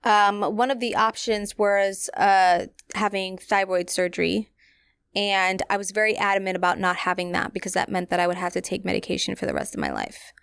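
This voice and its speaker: A woman's voice: mid-range voice, lively intonation, moderate pace, creaky, fairly bright tone, clean tone, dry recording, clean studio sound. Candid New woman telling her story. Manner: candid, conversational, many fillers, addresses listeners directly. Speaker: podcast host. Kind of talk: personal storytelling, casual.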